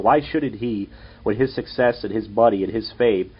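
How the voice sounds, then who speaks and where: A man's voice: on the low side, normal speed, breathy edge. A young man, hosting a casual podcast and telling rambling, profane stories. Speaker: podcast host and comedian. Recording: dull lo-fi audio.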